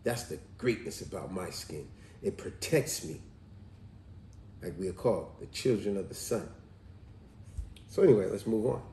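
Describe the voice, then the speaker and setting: A man reads a children's book aloud and muses on it in a chatty, easygoing way. His voice is mellow and dark, and his pitch moves a lot. The room around him is echoey. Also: animated, normal speed, long pauses, recorded from a distance, slight background noise. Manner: chatty, musing asides, rereads lines. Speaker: book reviewer.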